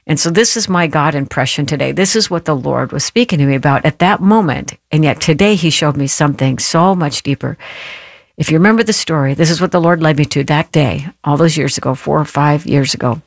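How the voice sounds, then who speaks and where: Woman, radio host, devotional message. Gravelly voice, earnest and emotional, slow and emphatic. Dry, close recording. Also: deep voice, dry recording. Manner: earnest, emotional personal storytelling.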